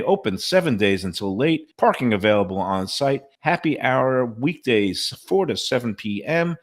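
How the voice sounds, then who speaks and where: A man's voice: mid-range voice, no echo, clean studio sound. A man reading upbeat restaurant advertisements on a talk show. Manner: upbeat, promotional. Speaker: radio show ad reader. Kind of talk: read-out restaurant ads.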